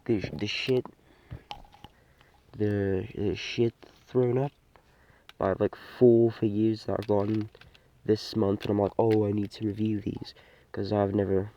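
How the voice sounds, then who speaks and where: A man's voice: fairly low pitch, level tone, slow pace, pauses often, warm tone, dull audio. A man giving a casual, unscripted toy review, rambling and hesitant with many fillers and restarts.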